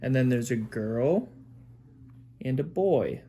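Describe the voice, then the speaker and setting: Slow, gentle father reading aloud. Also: medium pitch, expressive, slight background noise. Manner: gentle, pointing out pictures and making animal sounds. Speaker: father reading to his daughter. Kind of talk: picture-book read-aloud.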